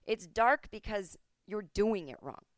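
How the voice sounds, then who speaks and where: An American woman hosting a podcast from home, ranting comedically with profane sarcasm, swinging between mumbled asides and loud outbursts. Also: mid-range voice, expressive, measured pace, no room sound, studio quality. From United States. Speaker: podcast host. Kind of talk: comedic rant.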